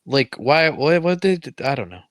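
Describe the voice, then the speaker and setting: A man co-hosting a casual book chat, jokey and quick with pop-culture riffs. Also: mid-range voice, sing-song, no echo, clean studio sound. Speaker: podcast co-host.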